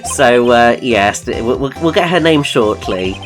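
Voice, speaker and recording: A man's voice: medium pitch, expressive, measured pace. A man from the English Midlands co-hosting a game playthrough, chatty and explanatory, drifting into side topics, with game music behind. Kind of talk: casual chat.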